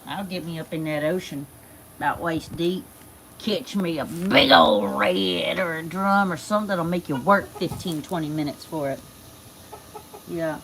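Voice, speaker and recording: A woman's voice: on the low side, measured pace, noisy background. A woman hosting a casual livestream, folksy and chatty, talking to her animals and her viewers. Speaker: livestream host.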